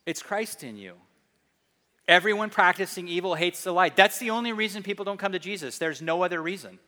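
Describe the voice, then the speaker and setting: A man preaching a sermon in a church, emphatic and quick to joke, with sudden asides to his listeners. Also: high voice, animated, pushed and bright, big-room sound. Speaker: pastor.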